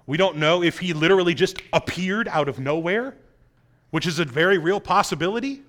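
A man with a notably high voice preaches a sermon through a passage. He leans hard on key points and keeps asking his listeners rhetorical questions. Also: expressive, a little fast, fairly bright tone. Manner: emphatic, asks rhetorical questions, acts out quotes. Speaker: pastor. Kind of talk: expository sermon.

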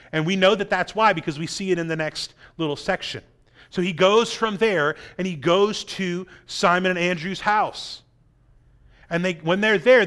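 A man with a notably high voice preaches a sermon through a passage. He leans hard on key points and keeps asking his listeners rhetorical questions. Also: a bit bright. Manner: emphatic, asks rhetorical questions, acts out quotes. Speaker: pastor. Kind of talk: expository sermon.

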